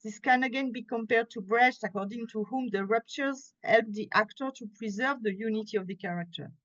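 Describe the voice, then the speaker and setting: A woman with a French accent, reading an academic paper aloud at a conference in a careful, measured way, pausing now and then to correct a slip. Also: a little high, a bit bright. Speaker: conference speaker. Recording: muffled, lo-fi conference audio.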